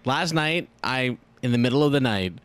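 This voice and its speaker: A man co-hosting a casual chat, cracking dry, deadpan jokes. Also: mid-range voice, normal speed, clean tone. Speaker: co-host.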